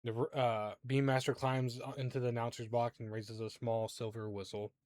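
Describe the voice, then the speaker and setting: A man narrating a tabletop game as game master, halting with many fillers and quick to laugh. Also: mid-range voice, little pitch movement, darkish tone, no room sound, clean studio sound.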